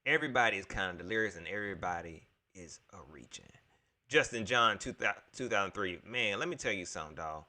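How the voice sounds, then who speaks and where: Animated man venting on a livestream. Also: fairly low pitch, a little fast. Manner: rambling, exasperated sports-fan venting to chat; addresses viewers directly, repeats himself. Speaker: livestream host. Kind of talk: casual solo livestream chat.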